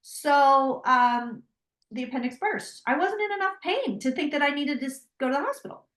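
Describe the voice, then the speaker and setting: A high-voiced woman, a guest who works as a psychic tarot reader, tells a story at a moderate pace during a casual interview. She's animated and acts out her own lines in dialogue, and the room has a roomy echo.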